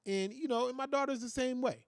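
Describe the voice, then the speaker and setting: A man's voice: extremely high pitch, fairly quick, clean tone, no echo, studio quality. A man, talking casually about parenting and acting out his children's voices as he tells stories. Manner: animated storytelling, acts out his kids' voices. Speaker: podcast host.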